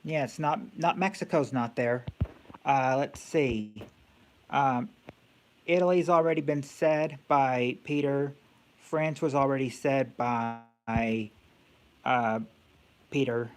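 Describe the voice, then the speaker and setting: A man's voice: medium pitch, fairly even intonation, slow pace, long pauses, a little hiss or hum. A man hosting a casual live-stream quiz game, thinking aloud with many fillers and restarts.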